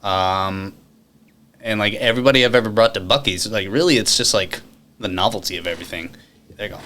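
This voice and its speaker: A man chatting as a podcast guest, telling stories in an animated, profane way and laughing often. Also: lowish voice, fairly quick, a little hiss or hum. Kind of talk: casual storytelling chat.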